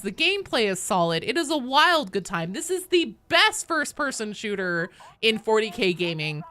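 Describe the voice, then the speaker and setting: A woman game streamer in casual live-stream chat, animated and candid, laughing often and swearing casually. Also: a little high, moderate pace, few pauses.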